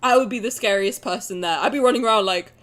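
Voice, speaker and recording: A woman streaming a game, chatting in an excitable, laughing way that bursts into yells. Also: mid-range voice, fast. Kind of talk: excited casual reaction stream chat.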